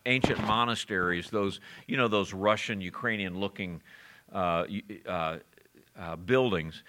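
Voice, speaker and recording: A man's voice: lowish voice, bright, forceful tone. A middle-aged man preaching a sermon, explaining scripture verse by verse and telling a story, with frequent "uh"s and restarts. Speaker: pastor.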